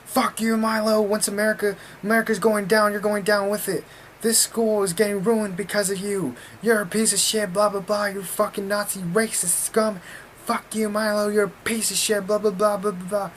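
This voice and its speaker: Guy doing a squeaky enraged lady protester, mocking and yelling the same insults over and over. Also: flat delivery, moderate pace, a little hiss or hum. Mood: mocking rage. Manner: high-pitched mocking shouting, repetitive. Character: shrill furious young woman protester yelling insults.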